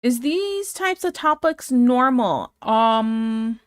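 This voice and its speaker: Streamer woman from Ohio, higher voice, dry close sound, rambling casual chat with viewers. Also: animated, slow, clean tone, dry recording. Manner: chatty, rambling, easily sidetracked, answers chat aloud. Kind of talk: casual chat with live chat while drawing.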